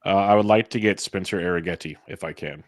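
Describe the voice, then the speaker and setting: A man's voice: low voice, quick pace, no echo, clean studio sound. A man talking fantasy picks in an easygoing, jokey podcast chat. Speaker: guest analyst.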